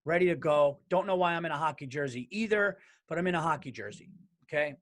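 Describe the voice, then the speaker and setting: A man's voice: on the high side, quick pace, a bit bright. A man hosting his own podcast solo, ranting in a blunt, profane, fired-up way. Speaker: podcast host.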